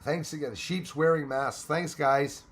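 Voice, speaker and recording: A man's voice: on the high side, steady tone, unhurried, fairly bright tone, breathy edge. A man from Canada hosting a casual livestream, chatty, thanking viewers by name and laughing often. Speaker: livestream host.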